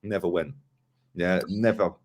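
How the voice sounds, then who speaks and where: A man's voice: low voice, steady tone, unhurried, a little mellow. A man co-hosting a casual podcast chat, bantering and laughing with slang. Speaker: co-host.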